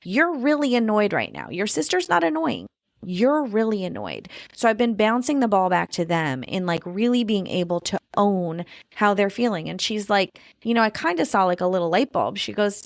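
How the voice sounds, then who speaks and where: A woman's voice: mid-range voice, very animated, normal speed, no room sound, clean studio sound. A woman in her thirties hosting a parenting podcast, talking casually and filling her speech with "you know" and "like". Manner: chatty, frequent fillers like "you know" and "like". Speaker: podcast host. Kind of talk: casual conversational interview.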